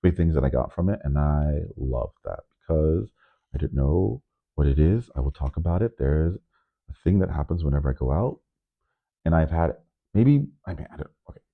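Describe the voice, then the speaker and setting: Low-voiced guy rambling on his vlog, nervous, jumps into squeaky loud bits, sounds like a phone line. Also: normal speed, gravelly. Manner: rambling, animated, swings suddenly into high loud bursts; nervous on camera. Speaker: DJ and vlogger. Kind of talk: casual vlog monologue. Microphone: microphone.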